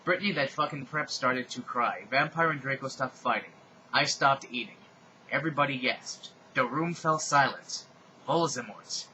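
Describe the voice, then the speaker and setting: A man giving a mocking dramatic reading in a deadpan tone with sarcastic asides. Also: mid-range voice, moderate pace, lo-fi sound, a little hiss or hum. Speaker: reader.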